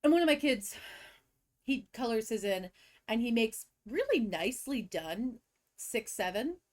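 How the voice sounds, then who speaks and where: A young woman co-hosting a podcast with a stuffy cold, telling animated stories about her students and acting out their voices. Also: on the high side, measured pace. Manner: animated storyteller who acts out kids and teachers. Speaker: podcast co-host, teacher. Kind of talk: casual chat, storytelling.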